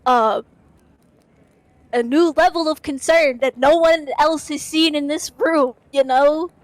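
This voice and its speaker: A woman's voice: high-pitched, takes it slowly, no room sound, low-quality recording. A woman narrating her character in a tabletop role-play game, casual and chatty with many fillers. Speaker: player.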